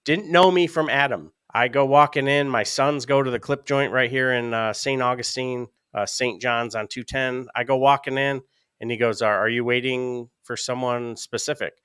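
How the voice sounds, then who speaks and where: A man co-hosting a podcast, telling a story in a casual, animated way, laughing often. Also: mid-range voice, normal speed, clear, resonant tone, no echo. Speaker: podcast co-host. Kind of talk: casual chat.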